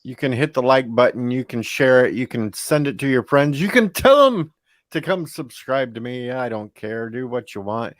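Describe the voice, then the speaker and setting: A man's voice: medium pitch, lively intonation, normal speed, no room sound. A man hosting a live stream, joking and teasing as he hands the mic around to his guests. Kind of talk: casual live stream chat.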